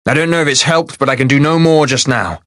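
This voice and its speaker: A man's voice: medium pitch, quick pace, a bit bright, no echo, clean studio sound, pitched above the performer's own voice, close to an everyday voice. A man voicing a proud but worn-out sorcerer who speaks in an urgent, lifted, declaiming tone.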